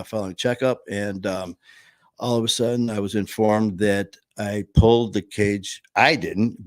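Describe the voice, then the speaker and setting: A man's voice: lowish voice, dry recording. A middle-aged man from the United States telling a long personal story in casual, blunt, profane talk. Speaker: podcast host.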